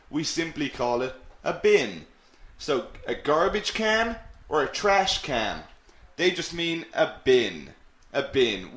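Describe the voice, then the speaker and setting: A man teaching an English lesson, upbeat and encouraging, repeating key words slowly. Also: mid-range voice, a bit bright. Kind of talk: live online English lesson. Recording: roomy echo.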